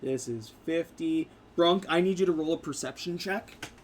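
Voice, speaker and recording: Casual male game master, slightly high. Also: a little hiss or hum. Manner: casual, halting, with fillers and restarts. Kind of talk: narrating a tabletop game.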